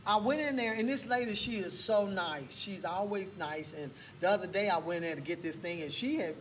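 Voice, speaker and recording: A woman telling a faith story as a guest on a casual talk show, lively and full of church exclamations. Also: medium pitch, brisk. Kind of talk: testimony in a casual chat. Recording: distant mic with faint background noise.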